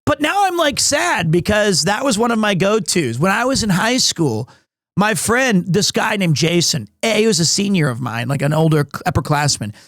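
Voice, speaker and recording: A man live-streaming from home, chatting casually with his viewers in a rambling, excitable, self-deprecating way. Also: sits high, moderate pace, dry recording, clean studio sound.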